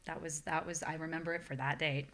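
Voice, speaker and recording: Speaking quickly in a low, slightly bright voice, a woman in her forties gives a flat-toned account of her life as a podcast guest. Her manner is earnest and reflective.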